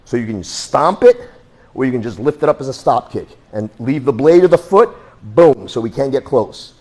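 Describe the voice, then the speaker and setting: A man teaching a self-defense class in a blunt, joking, animated way. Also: medium pitch, moderate pace. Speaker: martial arts instructor.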